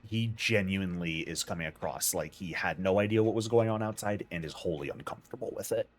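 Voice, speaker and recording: A man narrating a tabletop role-playing game as game master in a relaxed, halting way, with many fillers. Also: low-pitched, faint music behind.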